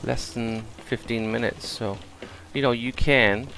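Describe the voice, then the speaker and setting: A man's voice: mid-range voice, fairly even intonation, measured pace, creaky, low-quality recording. A British man giving chatty gameplay commentary, explaining game mechanics as he plays. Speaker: gameplay streamer.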